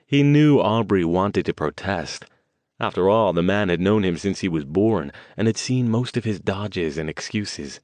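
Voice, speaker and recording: A man reads an audiobook in a measured, even storytelling way. His voice is very low and the recording is dry and close, with no room sound. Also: no room sound. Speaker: audiobook narrator. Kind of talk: scripted narration.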